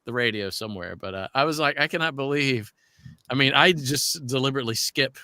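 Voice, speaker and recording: A man's voice: medium pitch, animated, fast talker, bright, forceful tone, dry recording. A middle-aged man, a voice actor, chatting casually and telling stories while signing autographs. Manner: chatty storyteller, restarts sentences. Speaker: voice actor guest.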